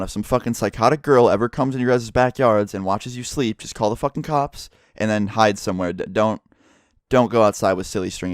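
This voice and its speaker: A man's voice: on the low side, clean tone, no room sound, clean studio sound. A young man vlogger telling a story in a blunt, heavily profane, casual way.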